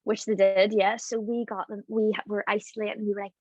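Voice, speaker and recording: A woman's voice: mid-range voice, level tone, a little fast, a little mellow, no echo. A chatty young woman, talking loosely and full of "like". The sound is dull and muffled. The room is dead dry. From Ireland. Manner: chatty, laughs often, lots of "like". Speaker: guest, drama student. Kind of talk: casual interview chat.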